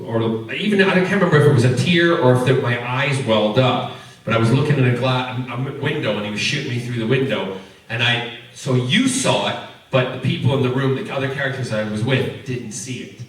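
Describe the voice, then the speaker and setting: A man's voice: mid-range voice, brisk. A man answering fan questions at a convention panel, telling stories and laughing often. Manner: animated storyteller, laughing often. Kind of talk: casual Q&A banter. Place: large convention hall. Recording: echoey hall from far off.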